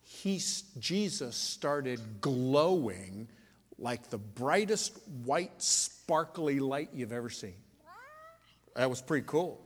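Man, children's sermon, high lively voice, unhurried, church hall reverb. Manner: animated, playful, talks to kids with questions. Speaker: pastor giving children's sermon. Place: church sanctuary.

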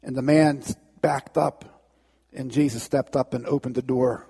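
A man telling a dramatic story as a sermon, halting and restarting as he builds tension. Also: medium pitch, fairly even intonation, dark tone, husky, long reverb tail.

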